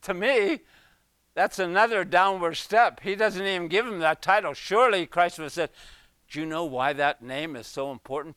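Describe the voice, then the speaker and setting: Man, Bible teacher, earnest and emphatic sermon delivery, smooth dry voice. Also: a little high, a bit bright, dry recording. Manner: earnest, emphatic, asks the listeners questions.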